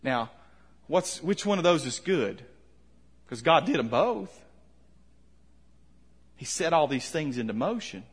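A man preaching a conversational sermon, asking questions and letting his voice drop soft at the ends of lines. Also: fairly high pitch, very animated, slow pace, pauses often, breathy edge. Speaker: pastor.

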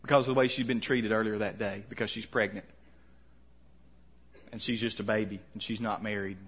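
A man preaching a conversational sermon, asking questions and letting his voice drop soft at the ends of lines. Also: on the low side, fairly even intonation, a little fast, slightly rough. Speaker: pastor.

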